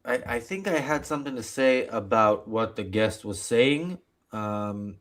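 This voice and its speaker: A man's voice: medium pitch, animated, unhurried, a bit bright. A man hosting a live stream, reacting to a clip with hesitant, rambling commentary full of fillers. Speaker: host.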